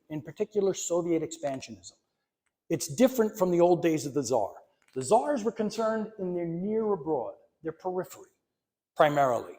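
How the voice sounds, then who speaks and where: A man's voice: fairly high pitch, a little mellow. Emphatic man giving a history lecture. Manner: conversational, emphatic, wry asides. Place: library meeting room.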